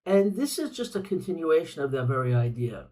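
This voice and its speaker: A man's voice: on the high side, big pitch swings, fairly quick, a little mellow, distant mic, rough recording. An older man hosting a reflective podcast monologue, speaking earnestly and repeating phrases for emphasis. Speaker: podcast host.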